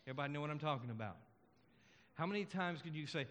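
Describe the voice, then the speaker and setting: A man's voice: a little high, animated, rapid-fire, long pauses, a bit bright. A male pastor preaching a sermon, telling stories earnestly and building to emphatic declarations. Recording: long hall reverb.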